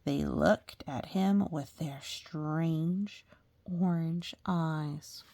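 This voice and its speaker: A woman reads a picture book aloud, slowly and with a gravelly edge. She stops often to point out the characters to young listeners. The sound is dry and close. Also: deep voice, dry recording. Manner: animated, talks to young listeners about the pictures. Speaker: storybook reader. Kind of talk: reading a picture book aloud with chatty asides.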